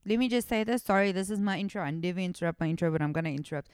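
A South African woman hosting a horror podcast, chatting excitably and often interrupting herself. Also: on the low side, rapid-fire, hardly any pauses, clear, resonant tone, no room sound, clean studio sound. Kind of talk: casual podcast chat.

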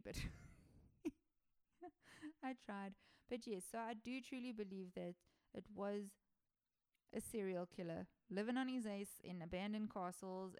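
A young woman hosts a solo folklore podcast in a casual, chatty, enthusiastic way. Her voice is smooth and clear, and the close mic keeps it dry. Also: medium pitch, darkish tone, dry recording. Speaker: podcast host.

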